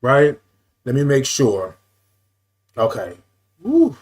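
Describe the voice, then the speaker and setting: A man hosts a morning live stream in a casual way, naming viewers as he sings out long greetings and says "y'all" often. Repetition is common, and he fusses with his camera as he talks. His voice runs on the high side with lively intonation.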